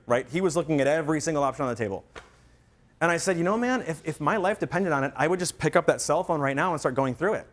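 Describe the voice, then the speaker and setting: Animated man coaching real estate agents. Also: a little high, fast talker. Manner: energetic storyteller, acts out quoted voices. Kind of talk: workshop talk to agents.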